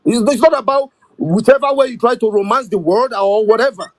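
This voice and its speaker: Casting: angry male caller, high voice, dry close sound, confrontational rant. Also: fairly quick, no room sound, rough recording. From Nigeria. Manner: bitter, heated and confrontational.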